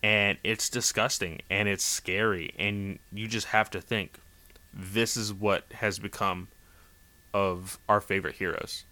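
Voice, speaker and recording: Slow, bright-toned man recapping a story. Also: lowish voice. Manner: rambling, animated, lots of "like" and "you know". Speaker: comic book recap host.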